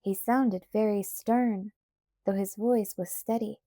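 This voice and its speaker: Woman audiobook narrator, calm, even, mellow tone, dry close sound. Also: mid-range voice, slow pace, no echo. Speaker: audiobook reader. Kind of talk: scripted narration.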